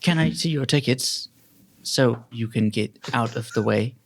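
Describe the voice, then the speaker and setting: A man voicing a bored, weary woman ticket attendant, sighing and deadpan, in a tabletop role-play. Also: medium pitch, unhurried, creaky.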